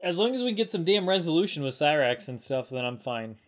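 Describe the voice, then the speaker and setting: A man's voice: a little high, sing-song, brisk. A man hosting a casual gaming podcast, reading listener questions and arguing bluntly. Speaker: podcast host. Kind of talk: casual chat.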